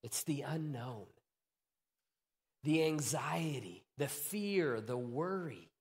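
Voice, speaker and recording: A man preaching a sermon, swinging from hushed, low moments to excited outbursts. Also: takes it slowly. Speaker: pastor.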